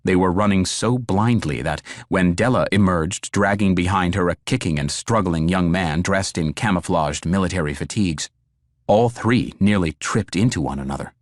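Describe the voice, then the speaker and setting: A man with a low voice narrates an audiobook, telling the story in a measured, even way. The recording is dry and studio quality.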